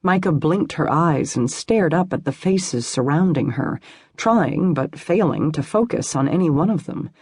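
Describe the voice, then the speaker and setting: Breathy woman narrating a novel. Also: sits low, expressive, a little slow, darkish tone, no echo, clean studio sound. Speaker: audiobook narrator. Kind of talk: scripted narration.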